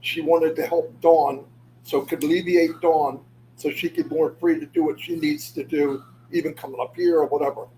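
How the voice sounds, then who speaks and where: A man talks loosely and warmly to his viewers in a slightly raised pitch, wandering off topic and pulling himself back with a quick "anyway." Soft background noise sits under his voice. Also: steady tone, rough recording. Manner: rambling, loses his thread; says "anyway" often to move on. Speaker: livestream host. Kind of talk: casual livestream chat.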